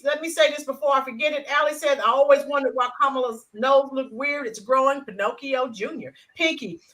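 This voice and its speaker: Woman co-host, high bright voice, emphatic, reads live chat. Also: low-quality recording. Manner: emphatic, reads viewer comments aloud. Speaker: teacher. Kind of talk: casual live-stream chat.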